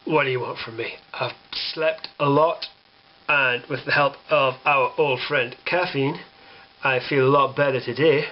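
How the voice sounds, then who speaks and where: A man's voice: mid-range voice, fairly even intonation, unhurried, muffled recording. A young British man delivering a sarcastic, exasperated rant to camera, swearing freely. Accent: British English. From Britain. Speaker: vlogger. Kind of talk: ranting monologue.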